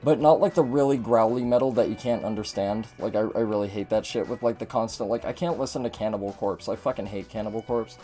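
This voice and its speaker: A man's voice: on the low side, fast, hardly any pauses, warm tone, soft background music. A man giving casual gameplay commentary as a streamer, chatty and swearing a lot.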